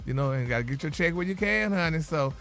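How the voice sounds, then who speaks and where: A man's voice: a little high, expressive, fast, a bit bright. A man dishing celebrity gossip on a morning radio show, sassy and calling everyone honey and baby. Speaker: radio co-host, gossip segment.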